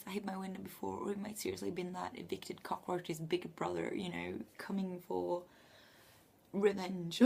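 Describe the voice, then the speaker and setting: A young woman telling a story late at night from her bedroom, speaking in a hushed half-whisper and swearing freely. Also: medium pitch, gravelly, slightly rough. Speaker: vlogger living abroad.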